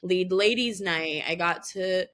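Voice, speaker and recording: Podcast guest: woman in her 20s, low-set voice, animated casual storyteller. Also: measured pace. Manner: chatty, animated, many fillers and laughs. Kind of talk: casual chat.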